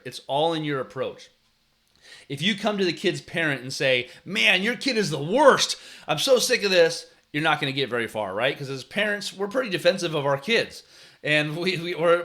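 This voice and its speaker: Earnest bright-voiced man coaching. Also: fairly high pitch, animated, fairly quick. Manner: earnest storytelling, frequent restarts, acts out yelling at players. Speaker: youth sports coach and show host. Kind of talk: casual advice talk.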